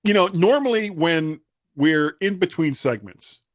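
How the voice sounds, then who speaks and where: A man's voice: fairly high pitch, lively intonation, a little slow, no room sound, studio quality. A man hosting a podcast in casual chat, jokey and playful, laughing at himself. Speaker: podcast host.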